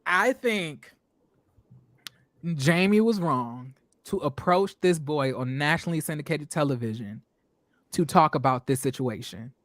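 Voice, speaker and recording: A man hosting a casual review show, talking in an animated, emphatic way and acting out what people on the show said. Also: on the high side, measured pace, no echo. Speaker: show host reviewing reality TV. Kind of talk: casual commentary.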